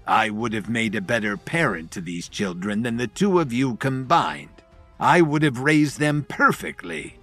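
A man voicing a vengeful woman villain who speaks slowly and menacingly. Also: lively intonation, a bit bright, faint music behind. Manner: slow, low and menacing. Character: vengeful scheming woman villain, cold and bitter.

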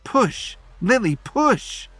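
A man voicing a frantic female doctor who pleads and shouts urgent orders. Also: high-pitched, very animated, measured pace, dry recording, faint music behind, pitched above the performer's own voice, exaggerated voice.

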